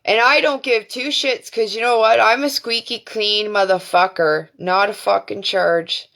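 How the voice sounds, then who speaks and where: A woman's voice: mid-range voice, fairly even intonation, measured pace, gravelly, fairly bright tone. A Canadian woman hosting a live stream, ranting in a profane, defiant way with many fillers. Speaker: livestream host. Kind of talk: angry livestream rant. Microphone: phone or webcam on a live stream.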